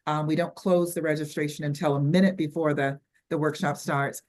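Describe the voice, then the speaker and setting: An older woman with a Southern US accent and a low voice wraps up an online workshop as its host. She talks in a chatty, halting way, full of ums and restarts, over a video call. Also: fairly even intonation, darkish tone. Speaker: webinar host.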